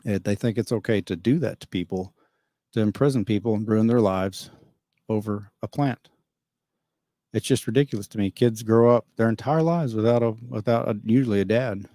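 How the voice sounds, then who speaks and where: A man's voice: fairly low pitch, normal speed, warm tone, no room sound, studio quality. A man hosting a casual livestream, reading viewer comments and giving rambling, opinionated answers with frequent chuckles. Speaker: livestream host reading chat.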